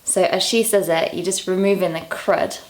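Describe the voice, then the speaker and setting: A young woman from England talking casually to camera in a vlog, candid and quick to laugh at herself, a little out of breath. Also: on the low side, steady tone. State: out of breath, low on energy. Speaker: vlogger.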